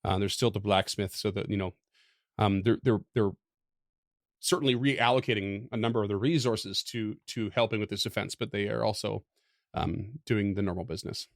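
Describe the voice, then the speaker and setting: A man narrating as game master in a tabletop game, halting and full of restarts. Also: on the low side, steady tone, no room sound, studio quality. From Canada. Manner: hesitant, halting, laughs often.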